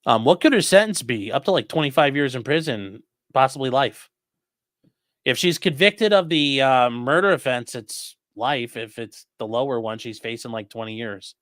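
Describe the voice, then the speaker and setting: A man hosting a live stream, chatting casually and answering viewers' questions as they come in. He rambles, restarts his sentences and lets his voice drop off between answers. The sound is dry and close, with a middling pitch. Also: lively intonation, normal speed, a bit bright, dry recording. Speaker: livestream host reading chat.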